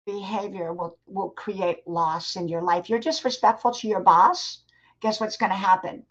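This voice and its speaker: Older woman, live-stream host, earnest motivational advice, mid pitch, dull lo-fi audio. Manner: earnest, advising, addresses chat viewers directly.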